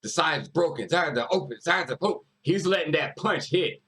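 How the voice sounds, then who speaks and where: A man's voice: fairly high pitch, lively intonation, normal speed, a bit bright, husky, low-quality recording. A man hosting a music reaction video, talking casually and emphatically, repeating lyrics and hyping up the artist.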